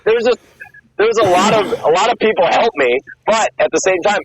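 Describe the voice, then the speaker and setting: A man in his thirties tells his stories in a rush, swearing freely and acting out every quoted line. His voice sits a touch high for a man. The audio comes through dull and lo-fi, like a call. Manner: fast, profane, excited storytelling with acted-out quotes. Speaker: guest, former Marine and MMA fighter. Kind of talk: casual interview storytelling.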